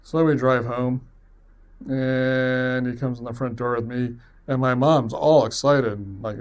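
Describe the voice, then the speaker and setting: A man of medium pitch recounting a story from his own life. He rambles along in a loose, conversational way, self-deprecating, with an easy chuckle here and there. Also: fairly even intonation, takes it slowly. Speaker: web series producer. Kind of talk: personal storytelling.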